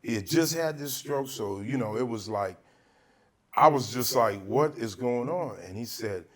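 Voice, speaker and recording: Speaking at an unhurried pace in an expressive, medium-pitched voice, this Southern California podcast host from Altadena chats through his stories. He swears casually and performs the characters he describes.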